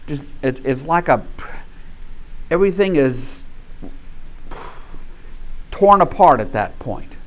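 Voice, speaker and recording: Speaking slowly with frequent pauses and a slightly high voice, a North Louisiana man teaches a Bible study in a chatty style. He regularly checks in with his listeners and spins animated stories.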